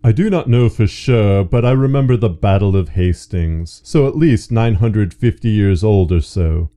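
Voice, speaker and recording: A man's voice: on the low side, expressive, normal speed, dark tone, natural voice. A man voicing an arrogant ancient male parrot in a very proper, haughty manner.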